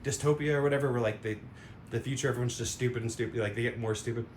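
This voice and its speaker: Talking very fast with fairly even intonation and a slightly mellow tone, a male vlogger rambles through his opinions in a casual monologue packed with fillers and sound effects. Roomy echo and a faint rumble color the audio.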